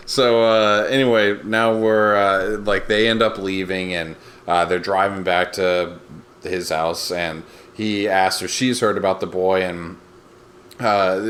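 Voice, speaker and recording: Podcast co-host, man, deep voice, dry teasing recap chat. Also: steady tone, unhurried, fairly bright tone, slight background noise. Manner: dry teasing humor, many fillers.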